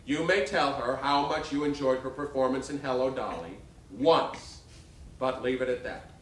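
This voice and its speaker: Guy playing a proper mom laying down rules, measured, echoey room from far off. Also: mid-range voice, a bit bright, slight background noise, natural voice. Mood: firm. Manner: measured and instructive. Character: poised, proper mother coaching her son. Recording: roomy live stage sound from a distance.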